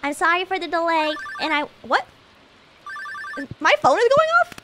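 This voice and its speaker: A young woman streaming a video game live, rambling and joking at herself, swinging from mumbled asides to loud excited bursts. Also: extremely high pitch, moderate pace, very noisy. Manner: rambling, self-mocking, jumps between mumbling and loud excitement. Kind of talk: live gameplay stream chatter.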